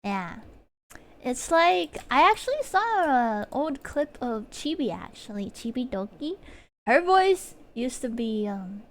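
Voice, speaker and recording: High-voiced woman rambling on stream. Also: sing-song, slow pace. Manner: rambling, giggly, many fillers and restarts. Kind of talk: casual chat while streaming. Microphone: desk mic.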